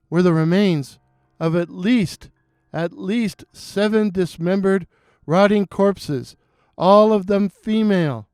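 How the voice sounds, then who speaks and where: A man narrating a scripted horror story in a measured, suspenseful way. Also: sits high, darkish tone, smooth, no echo, studio quality.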